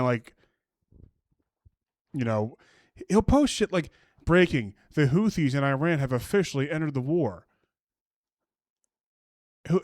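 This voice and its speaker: A man's voice: mid-range voice, no echo, studio quality. A man ranting mockingly about online posts, crude and angry, often restarting his sentences. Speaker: streamer reacting to posts. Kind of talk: profane casual rant.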